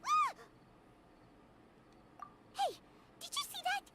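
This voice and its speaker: A woman voicing a small, chatty, excitable female fairy companion in a video game. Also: extremely slow, very noisy, heavily acted. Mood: excited. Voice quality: high squeaky voice.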